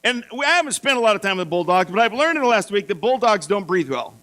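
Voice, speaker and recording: A middle-aged male pastor telling a self-mocking story in a sermon, animated and playful. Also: sits high, quick pace. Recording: mains hum.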